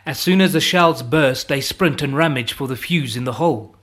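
A man's voice: medium pitch, moderate pace, fairly bright tone, close to an everyday voice. A man reading a matter-of-fact soldier. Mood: explaining. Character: male soldier explaining artillery, patient.

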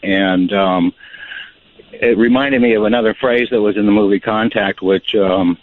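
A man's voice: on the low side, fairly even intonation, moderate pace. A man from California calling a radio show, rambling and hesitant with many fillers. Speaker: caller. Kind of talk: call-in radio. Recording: dry, tinny phone line.

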